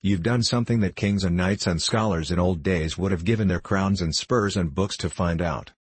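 A man's voice: sits low, normal speed, husky, no echo. A man voicing an ancient, kindly male hill sprite in an audiobook, with a playful, sing-song way of chanting his words. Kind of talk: audiobook character reading.

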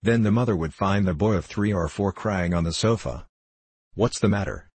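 A man narrates a novel in a steady, measured audiobook reading. His voice is very deep and a little husky. The recording is dry and close. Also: no room sound.

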